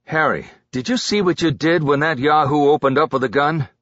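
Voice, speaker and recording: A man's voice: a little high, a little fast, a bit bright, no echo, lo-fi sound, pitched above the performer's own voice, lightly acted. A man voicing a talkative, restless police detective who keeps pressing his partner. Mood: agitated. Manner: restless, talks too much when keyed up.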